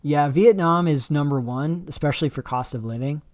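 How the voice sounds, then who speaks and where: A man's voice: fairly high pitch, normal speed, darkish tone. A man hosting a casual livestream, rambling through chat questions with many fillers and restarts. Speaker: livestream host. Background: dog barking faintly.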